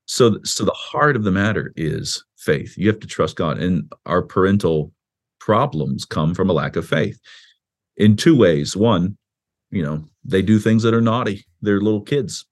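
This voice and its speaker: A man's voice: deep voice, unhurried. A man, a pastor and author, explaining his views in a podcast interview in a conversational way, often restarting and acting out quotes in a raised voice. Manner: animated, acts out quoted speech with a raised voice; conversational with frequent restarts and "you know".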